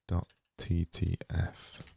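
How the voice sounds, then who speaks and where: A man with a deep, mellow voice narrates his own design work in a casual, half-muttered inner monologue. He talks slowly and pokes fun at himself as he goes. The sound is close and dry, with no room around it. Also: completely flat delivery, creaky, breathy edge, dry recording. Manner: thinking aloud, muttering, self-deprecating. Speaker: graphic designer making visuals. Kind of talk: casual screen-recorded work commentary.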